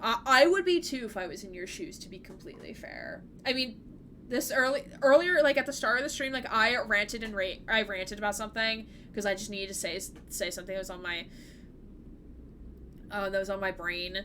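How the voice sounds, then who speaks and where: A woman's voice: mid-range voice, a little fast, sharp tone, a little hiss or hum. A woman live-streaming a game and chatting casually with her viewers. She rambles, fills her sentences with "like" and laughs easily. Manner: chatty and rambling, heavy use of "like".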